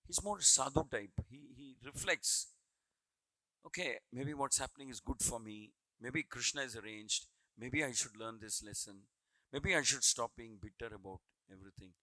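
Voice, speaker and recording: A man's voice: mid-range voice, normal speed, sharp tone, no echo, poor audio. A man giving a devotional scripture class, earnest, repeating phrases as he retells a story. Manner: earnest, repeats phrases while building a point.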